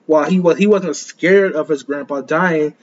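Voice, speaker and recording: A man's voice: on the high side, normal speed. A young man giving casual reaction commentary, rambling with slangy talk and stammering restarts. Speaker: anime reaction host. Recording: dull lo-fi sound with faint room ambience.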